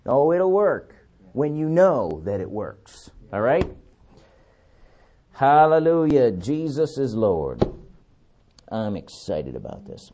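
Lively, emphatic male preacher. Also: medium pitch, slight background noise. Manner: emphatic, repeats key words, slows to read scripture. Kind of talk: sermon.

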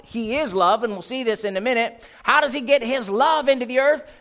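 A man's voice: very high voice, normal speed, hardly any pauses, a bit bright. A man preaching a sermon, reading scripture aloud and putting questions to his congregation.

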